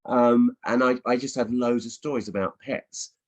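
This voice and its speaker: A man's voice: mid-range voice, fairly even intonation, normal speed. A middle-aged man, a children's author, chatting casually with schools over a video call from his home office, playful, with many ums and restarts. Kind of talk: casual virtual Q&A with reading aloud.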